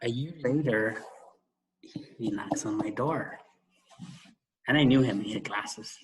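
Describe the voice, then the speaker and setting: A man co-hosting a podcast, telling a school story in a casual chat, with quick asides and laughing at himself. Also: lowish voice, crowd noise. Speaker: podcast co-host and former school administrator.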